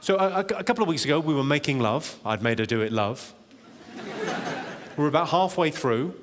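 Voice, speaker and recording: Deadpan stand-up comic in a theatre. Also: male voice, a little high, brisk, background noise. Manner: deadpan, crowd work with the audience. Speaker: stand-up comedian. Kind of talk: stand-up comedy. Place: large theatre with a laughing audience. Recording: live theatre recording with long reverb and loud crowd laughter.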